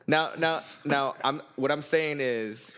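A man's voice: on the high side, takes it slowly, a bit bright, smooth. A man telling a story in casual chat, rambling, restarting his sentences and laughing as he goes.

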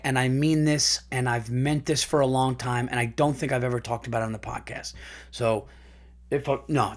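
Man, podcast host, reads listener stories, casual profane chat, animated, middle pitch. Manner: animated, profane, laughs while reading.

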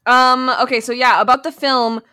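A woman's voice: high-pitched, steady tone, moderate pace, sharp tone, smooth. A woman podcast co-host in casual chat, thoughtful and agreeable.

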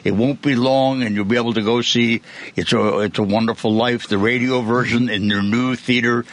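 A man's voice: medium pitch, fairly even intonation, normal speed, no echo. A man in his eighties hosting a radio show in a chatty, rambling way, often stumbling over his words. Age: 80s. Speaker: radio host. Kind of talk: casual radio chat. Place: radio studio.

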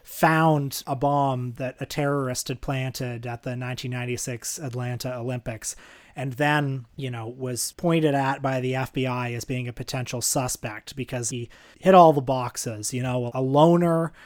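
A man's voice: medium pitch, steady tone, normal speed, a little mellow. A man co-hosting a podcast, telling stories in a wry, self-mocking, rambling way. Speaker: podcast co-host. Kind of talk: casual podcast chat.

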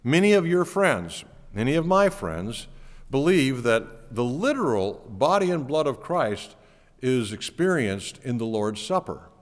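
A man's voice: medium pitch, big pitch swings, measured pace. A man preaching a sermon to his congregation, explaining step by step with earnest, emphatic repetition. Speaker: pastor. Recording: long church hall reverb.

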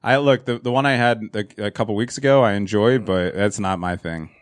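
Male co-host, mid pitch, relaxed, dry close-mic sound. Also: brisk, no room sound. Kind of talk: casual chat.

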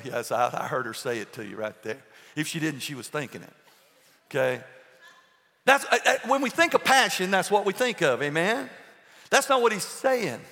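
A man preaching a sermon to his church, firing rhetorical questions and swinging between loud and hushed delivery. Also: on the high side, big-room sound. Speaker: pastor. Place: church sanctuary.

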